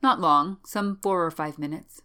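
A woman voicing a nervous, excitable young male scholar in a storybook reading, with a low voice and fretful, self-reproaching speech. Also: a little slow, smooth. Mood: agitated.

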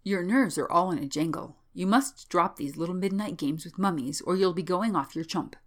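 Level-headed young medic, blunt , woman reading; low storybook voice. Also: normal speed, natural voice. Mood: brisk.

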